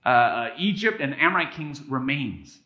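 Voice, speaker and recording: A man's voice: medium pitch, normal speed, muffled recording. A man preaching a sermon as a pastor in a casual, conversational way. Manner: conversational, animated, acts out quotes with a raised voice. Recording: echoey room.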